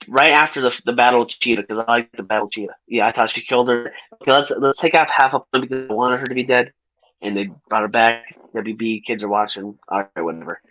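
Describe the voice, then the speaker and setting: A young man co-hosting a casual film review podcast, ranting profanely and laughing through animated retellings. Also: mid-range voice, fairly quick, lo-fi sound. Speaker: podcast co-host.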